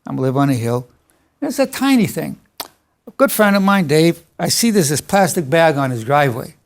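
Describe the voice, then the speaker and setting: Older male psychologist, confident lecturer, gravelly tone, emphatic delivery. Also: on the high side, sing-song, moderate pace. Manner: emphatic, self-assured, anecdotal. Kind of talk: motivational lecture.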